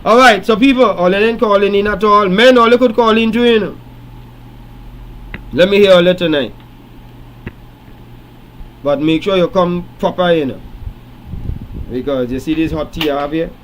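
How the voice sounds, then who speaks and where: A man's voice: high voice, normal speed, long pauses, fairly bright tone, slight background noise, rough recording. A man hosting a late-night call-in radio show, telling stories and lecturing emphatically. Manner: preachy storytelling, rising to emphatic lecturing.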